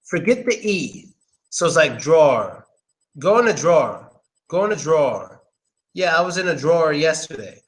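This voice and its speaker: A man giving a casual, informal pronunciation lesson, slowly repeating words and swearing now and then. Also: a little high, very animated. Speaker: English pronunciation teacher. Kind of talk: casual live-stream lesson.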